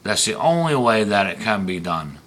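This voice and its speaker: A man's voice: lowish voice, sing-song, normal speed, fairly bright tone. A man delivering an angry, profane rant to the camera as a video blogger. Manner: heated, profane, emphatic. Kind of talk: angry ranting monologue.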